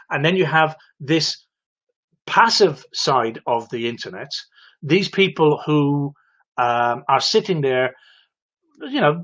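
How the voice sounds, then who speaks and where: A man's voice: fairly high pitch, husky, highs cut off. A man hosting a live-streamed advice talk, explaining patiently and turning to his viewers with "okay?" and direct questions. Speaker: host of a live show for electricians.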